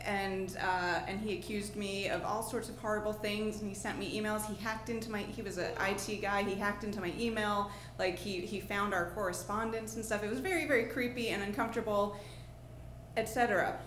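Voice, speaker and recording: A woman's voice: mid-range voice, fairly even intonation, brisk, a bit bright. A woman in her thirties from New Jersey, telling an improvised personal story to a live audience in a chatty way, full of fillers. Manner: chatty, lots of fillers and restarts, laughing along. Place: pub stage. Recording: echoey pub room with faint noise.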